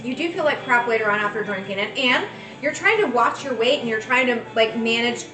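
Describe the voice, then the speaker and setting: A woman in her forties co-hosts a relaxed chat, rambling happily and piling on fillers. Her voice sits high and comes from a little off the mic. The room is echoey, with faint music behind her. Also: brisk, recorded from a distance. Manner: chatty, enthusiastic, rambling with fillers. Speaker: co-host. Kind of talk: casual chat.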